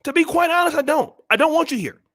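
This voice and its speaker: On his own channel, this host speaks in a very high, animated voice and at a rapid clip. His motivational talk is blunt and scolding, driven by rhetorical questions he keeps repeating, and his delivery comes across as forceful and preachy.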